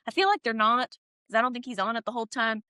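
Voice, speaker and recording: A woman's voice: fairly high pitch, expressive, quick pace, pushed and bright, clean tone, dry recording. A woman co-hosting a podcast, recapping a TV show in casual chat, laughing often and acting out characters' lines. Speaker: podcast co-host.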